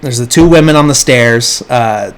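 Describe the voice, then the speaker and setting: A man's voice: mid-range voice, moderate pace, faint music behind. A man hosting a podcast, casually retelling a film's plot in a loose, rambling way and briefly acting out the characters' lines. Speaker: podcast host. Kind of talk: casual movie plot recap.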